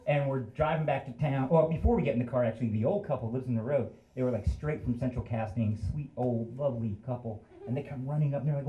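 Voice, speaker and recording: A man's voice: a little high, a little fast, reverberant, crowd noise, low-quality recording. Rambling man in his fifties telling a story. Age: 50s. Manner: casual, rambling, self-deprecating. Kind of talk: live storytelling. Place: live venue stage.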